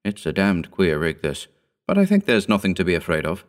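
A man voicing a blunt, wary fisherman on a schooner who talks in gruff sailor's speech. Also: low-pitched, huge pitch swings, fairly quick.

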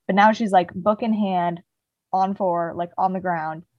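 A woman's voice: lowish voice, fairly even intonation, unhurried, dry recording, dull audio. Chatty young woman, dry close sound. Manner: rambling retelling, heavy "like" fillers. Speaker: podcast co-host. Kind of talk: casual book chat.

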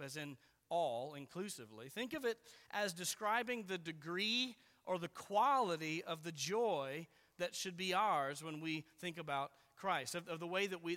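A man preaching a sermon, earnest and deliberate, slowing down to stress key words. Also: high-pitched, a bit bright. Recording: long reverb of a large hall.

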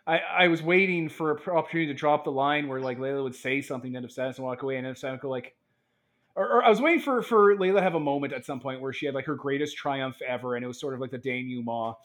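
A man's voice: medium pitch, rapid-fire, a bit bright. A man co-hosting a tabletop game podcast, chatting casually, rambling with many restarts and frequent laughs. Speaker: podcast co-host, game master.

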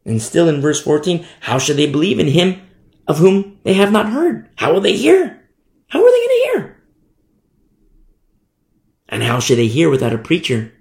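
A man preaching a sermon with fervent emphasis, swinging between loud declarations and hushed asides. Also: a little high, vocal fry. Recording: echoey room.

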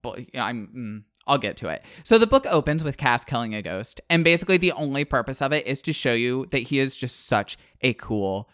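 A man co-hosts a podcast, reviewing a book in casual chat while sarcastic and wired on caffeine, swinging between loud remarks and muttered asides. His mid-range voice is brisk with few pauses, captured in a dry, clean studio recording.

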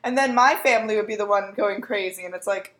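A woman's voice: fast talker, fairly bright tone. A woman co-hosting a podcast, casually recapping a TV episode and laughing as she mimics the characters. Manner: giggly, acts out characters' lines with pitch jumps. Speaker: podcast co-host.

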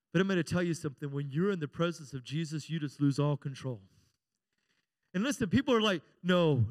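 A male pastor preaching a sermon in a playful, animated way, with bursts of shouting. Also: sits high.

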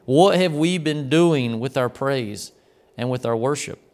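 Man, earnest worship teaching, resonant smooth voice, reflective and plainspoken. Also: mid-range voice, a little slow, a little mellow. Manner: earnest, reflective, with small restarts. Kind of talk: devotional teaching talk.

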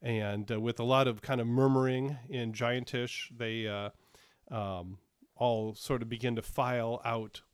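A man's voice: mid-range voice, fairly even intonation, measured pace, smooth, dry recording. Casual man running a tabletop game. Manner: casual, hesitant, many fillers. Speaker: game master.

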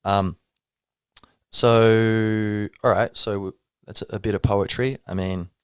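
Low-voiced rambling male podcaster. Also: steady tone, takes it slowly, smooth, no room sound, clean studio sound. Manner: rambling, many fillers, trails off. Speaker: podcast host. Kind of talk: casual talk on poetry.

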